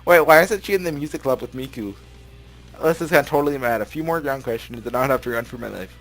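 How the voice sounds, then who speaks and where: A man's voice: mid-range voice, fast talker, a bit bright. A man hosting a let's play, reading visual novel text aloud with casual joking asides and frequent stumbles. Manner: chatty, laughs often, stumbles over words. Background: game music playing.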